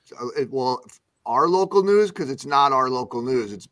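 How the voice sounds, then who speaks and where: Bright-voiced joking male co-host. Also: mid-range voice, lively intonation, normal speed. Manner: joking, sarcastic. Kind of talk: casual radio talk.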